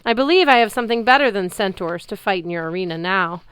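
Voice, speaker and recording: A cold young schemer who speaks with calm, formal politeness, as a woman reads him aloud. His lines sit a little higher and louder than her narration, in a smooth, dry tone. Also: quick pace, no room sound, lightly acted. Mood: smug.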